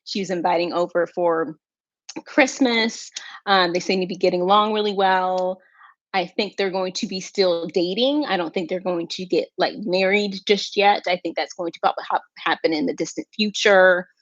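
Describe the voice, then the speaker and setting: A woman's voice: on the low side, normal speed, no echo, lo-fi sound. A woman hosting a casual livestream, chatting with viewers and thinking aloud with fillers and little asides. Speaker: livestream host.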